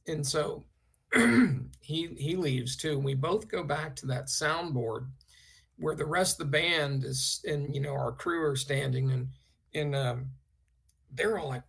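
A man, a guest artist on a podcast, telling a personal story in a rambling, animated way with many fillers. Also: fairly high pitch, a little slow, vocal fry, slightly rough.

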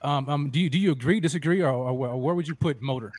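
A man hosts a casual fan show, talking excitedly and tumbling over repeated words as he restarts sentences. His voice sits a bit high and the sound is dry and close, with no room around it. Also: fast talker, no echo. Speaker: host.

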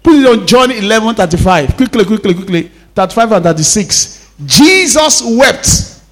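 A pastor preaches in a high, light voice, calling out to the congregation for responses and repeating key lines for emphasis. He talks in a way that moves between quick bursts and slow, drawn-out phrases. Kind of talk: sermon.

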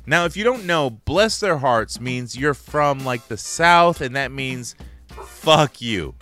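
A man hosts a crude podcast, his voice swinging widely in pitch as he jokes and swears. He laughs often between lines. Faint music plays behind him. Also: slow pace. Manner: animated, swearing, laughs often, jumps up high when excited. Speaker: podcast host. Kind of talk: crude casual podcast banter.

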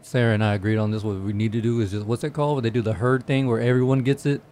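A man's voice: medium pitch, steady tone, rapid-fire, slight background noise. A man hosting a casual podcast, swearing freely and often breaking into laughter as he banters. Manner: profane, laughs often, loud bursts when joking. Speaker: podcast host.

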